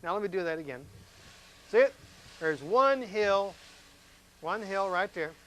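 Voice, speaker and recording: In a classroom lesson demonstration, a man teaches science to students in a folksy, chatty style, firing off questions. He's brisk, and his pitch jumps up whenever he stresses a point.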